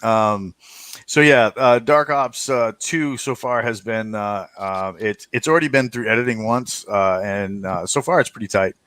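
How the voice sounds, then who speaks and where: A man hosting a podcast in casual group chat, laughing often and filling pauses with many "uh"s and restarts. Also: lowish voice, fairly bright tone, no room sound. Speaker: podcast host.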